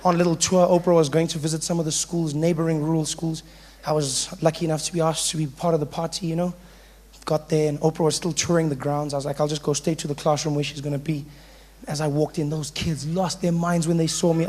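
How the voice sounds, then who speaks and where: A man doing stand-up comedy, telling stories in an animated way. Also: fairly high pitch, quick pace. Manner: animated storytelling, switching into voices. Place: comedy stage before a live audience.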